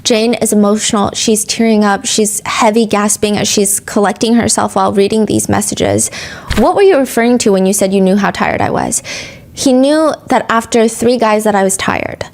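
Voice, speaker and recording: A woman's voice: normal speed, gravelly, darkish tone. A woman hosting a true crime podcast, narrating court testimony and reading text messages aloud in an earnest storytelling manner. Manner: earnest storytelling, rises in pitch when reading emotional texts aloud.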